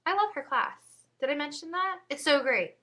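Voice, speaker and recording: A woman's voice: high-pitched, expressive, moderate pace, sharp tone. A teenage girl chatting casually to her webcam at home, giggly and full of asides. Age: teens. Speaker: vlogger.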